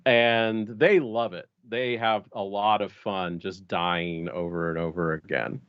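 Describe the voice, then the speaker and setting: A man's voice: lowish voice, fairly even intonation, a little slow, clear, resonant tone, no room sound, muffled recording. A man from an American region with many Spanish speakers, chatting casually as a podcast guest and rambling with restarts and fillers. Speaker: LARP designer and organizer, podcast guest.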